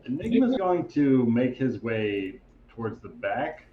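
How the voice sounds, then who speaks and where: A man's voice: medium pitch, very animated, slow pace. Easygoing man with an echoey, dull mic. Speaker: player. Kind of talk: casual tabletop role-play. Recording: echoey, dull-sounding mic with faint noise.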